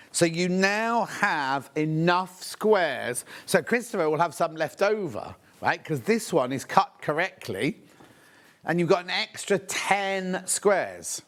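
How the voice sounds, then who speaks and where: A man presenting products on a live shopping channel, chatty and gushing, thinking aloud as he unpacks things. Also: on the high side.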